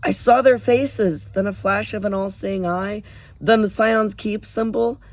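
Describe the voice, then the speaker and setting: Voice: mid-range voice, fairly even intonation, measured pace, no room sound, voice pushed up, lightly acted. A man voicing an urgent young man delivering a warning in a storybook reading.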